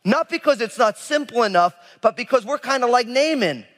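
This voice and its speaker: Man, pastor, sermon, very expressive pitch, long hall reverb. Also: a little fast. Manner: animated, acts out biblical figures with casual asides.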